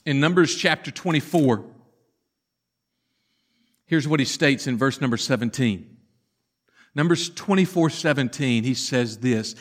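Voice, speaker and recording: A man preaching a sermon, telling the story dramatically and swinging from loud to hushed. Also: mid-range voice, unhurried, pauses often. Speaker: pastor.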